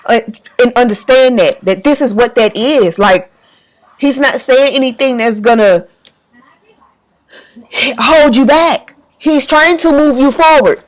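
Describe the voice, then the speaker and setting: Emphatic woman preaching her faith. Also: sits high. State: emotional. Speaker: faith vlogger. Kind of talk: impassioned religious monologue.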